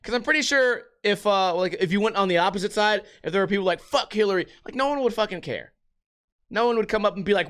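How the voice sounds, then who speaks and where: A young American man hosting a casual vlog, telling bar stories with lots of swearing and animated retellings. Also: sits high, quick pace. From United States. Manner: profane, animated storytelling. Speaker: vlog host. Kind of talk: casual chat.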